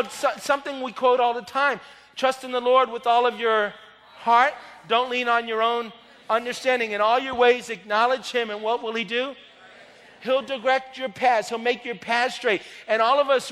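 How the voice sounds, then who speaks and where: A man with a very high, bright voice preaches a sermon, telling a personal story and then pressing his listeners fervently. His words trail into long reverb, like a big hall. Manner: storytelling, rising to fervent exhortation.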